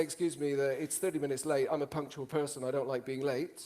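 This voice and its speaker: A man's voice: medium pitch, little pitch movement, quick pace, few pauses, warm tone. A man with a British accent giving a stage talk as a communication trainer, playful and teasing, often checking in with the audience. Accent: British English. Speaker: cross-cultural communication trainer.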